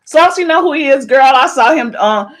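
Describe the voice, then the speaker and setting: A middle-aged woman hosting a podcast, giving chatty, animated celebrity gossip commentary and playfully meowing her catchphrase. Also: sits high, normal speed. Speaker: podcast host.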